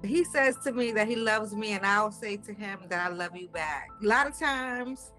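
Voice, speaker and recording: Woman, mid-pitched voice, casual storytelling, hesitant, doubtful, faint music behind. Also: moderate pace, bright, forceful tone. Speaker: interviewee telling her story.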